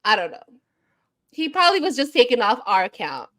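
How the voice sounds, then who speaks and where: A woman's voice: on the high side, very animated, a little fast, fairly bright tone. A young adult woman co-hosting a podcast, telling a story in casual chat, laughing often and acting out quotes. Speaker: podcast co-host.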